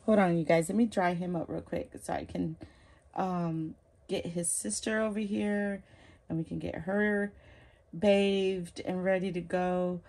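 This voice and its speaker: A woman's voice: fairly low pitch, steady tone, measured pace, darkish tone. A woman vlogging casually at home, gushing and cooing as she bathes her dolls. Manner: gushing, cooing over dolls, keeps repeating "oh my goodness". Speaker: reborn doll collector vlogger. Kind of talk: casual vlog chat.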